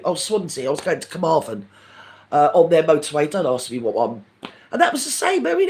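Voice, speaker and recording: An older man hosting a live stream, chatting to viewers in a camp, gossipy way and calling everyone darling. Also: high-pitched. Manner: lively and animated, swinging up and down. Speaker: livestream host. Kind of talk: casual chat with live viewers.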